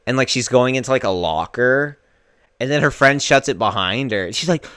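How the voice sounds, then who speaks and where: A man's voice: medium pitch, expressive, moderate pace, a bit bright, smooth, no echo, clean studio sound. A man in his thirties co-hosting a podcast in casual chat, laid-back and joking. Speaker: podcast co-host.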